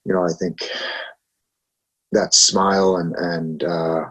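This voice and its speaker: A man co-hosting a podcast, talking in a halting casual way and repeating words as he thinks. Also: low voice, level tone, fairly bright tone, slightly rough, muffled recording. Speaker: podcast co-host. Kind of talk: casual chat.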